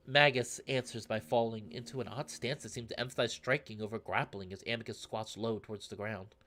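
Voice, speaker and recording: A man reading a visual novel aloud in steady narration, breaking into excited asides. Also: on the low side, a little fast, few pauses. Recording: narration over loud game music. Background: background music.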